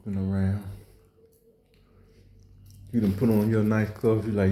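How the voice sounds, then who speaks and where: A man doing a rambling comedy monologue, acting out little scenes and slipping into hushed asides. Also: on the low side, flat delivery, unhurried, long pauses.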